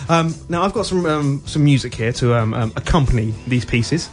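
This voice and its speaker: A man's voice: mid-range voice, expressive, moderate pace. A man hosting a comedy radio show, rambling and restarting his sentences, with faint music behind.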